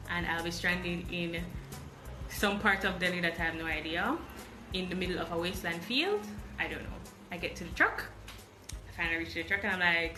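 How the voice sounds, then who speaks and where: A woman podcast host with a Jamaican accent animatedly tells a travel story, acting out the dialogue. Her voice sits on the low side and sounds reverberant.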